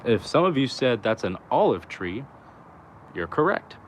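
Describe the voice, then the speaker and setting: Outdoors and unhurried, a young vlogger muses on spirituality to the camera in a very animated, medium-pitched voice. He swears often and leans on "like" and "you know," and a little background noise comes through.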